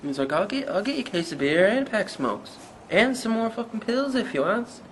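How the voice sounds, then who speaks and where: Guy doing a slangy newfoundland stoner kid rapper, kinda high voice, faint hiss behind. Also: sing-song, a little fast, poor audio. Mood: rambling. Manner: slangy, profane, rambling, hazy. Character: young stoner rapper from a small town, boastful. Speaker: mockumentary interviewee. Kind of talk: rambling storytelling in an interview.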